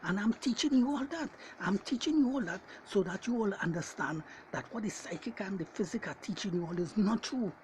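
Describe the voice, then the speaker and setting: A man preaches a message in a fairly high voice, talking straight at his listeners and hammering the same phrases again and again. He keeps calling them ladies and gentlemen as he pushes each point home. A faint hiss sits under his voice. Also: animated, brisk, few pauses, rough recording. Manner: repetitive, hammering refrains. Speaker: self-styled Bible teacher.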